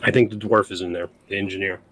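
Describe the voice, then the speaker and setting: A man playing a tabletop game, excitable and laughing, piecing clues together aloud. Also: quick pace. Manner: excitable, laughs, jumps into high pitch when surprised. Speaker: player. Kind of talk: casual tabletop play.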